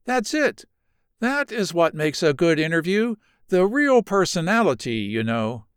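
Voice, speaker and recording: A man reading the part of a curious, eager young woman who presses with questions, raising his voice higher for her. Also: big pitch swings, moderate pace, clean tone, no echo, clean studio sound.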